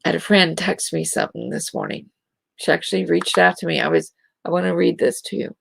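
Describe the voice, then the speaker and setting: A middle-aged woman hosting a spiritual talk show, speaking in a slow, gentle and encouraging way to her listeners. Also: on the low side, expressive, creaky, slightly rough, no echo. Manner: gentle, encouraging, drawn-out delivery with soft giggles.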